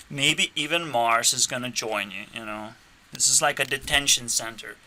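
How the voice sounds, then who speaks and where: A channel host rants unscripted to the camera in a bright, medium-pitched voice, slow and erratic. He's profane, lurches between shouting and muttering, and trolls, laughing at his own provocations.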